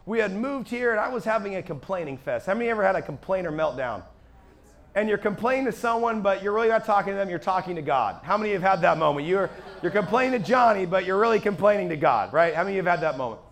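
High-voiced animated male preacher. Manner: animated storytelling, shifts from quiet to shouting when excited. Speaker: evangelist preacher. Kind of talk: sermon testimony to a live audience.

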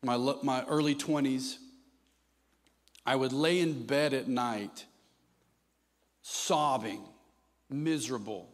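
A man preaching a sermon, moving between hushed, intimate passages and loud, impassioned ones. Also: medium pitch, takes it slowly, long pauses.

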